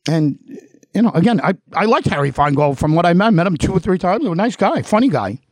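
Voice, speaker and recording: A man's voice: high-pitched, big pitch swings, fast talker, a little mellow, dry recording. Indignant Long Island man ranting. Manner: indignant, emphatic repetition, addresses targets directly. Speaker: political commentary show host. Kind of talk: heated political monologue.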